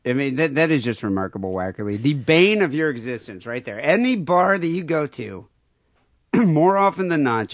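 A man's voice: mid-range voice, dry recording. A man hosting a podcast, teasing his guest in casual chat. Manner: teasing, wisecracking. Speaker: podcast host.

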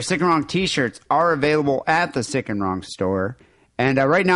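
A man with a nasal voice hosts a loose, irreverent podcast, his pitch bouncing up and down as he plugs the show and reads out listener mail. The sound is close and dry, with no room around it. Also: dry recording. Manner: animated, reads listener emails aloud. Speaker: podcast host. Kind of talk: casual podcast banter.

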